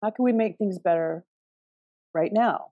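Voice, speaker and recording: A woman's voice: mid-range voice, measured pace, warm tone, no room sound, dull audio. A middle-aged woman hosting a casual astrology talk, chatty, restarting often and laughing now and then. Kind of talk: casual spoken advice.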